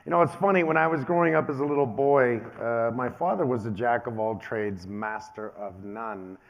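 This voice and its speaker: A man in his fifties giving a keynote speech, telling personal stories in an animated way and acting out what other people said. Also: mid-range voice, normal speed, gravelly, highs cut off. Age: 50s. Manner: animated storyteller, acts out quoted voices. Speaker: keynote speaker.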